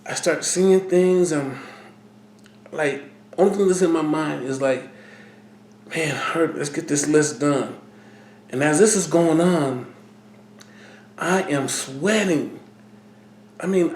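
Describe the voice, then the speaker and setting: Slow, halting man in an echoey room. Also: a little high, slight background noise. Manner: halting, emotional, repeats words. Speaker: vlogger. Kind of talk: personal talk to camera.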